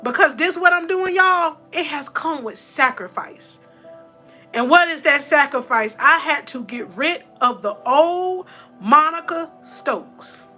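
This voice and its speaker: A woman's voice: high-pitched, expressive, slow, bright, forceful tone, faint music behind. A woman hosting a faith-based motivational livestream, telling a personal testimony, calling her viewers y'all, emotional and close to tears. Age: adult with four sons.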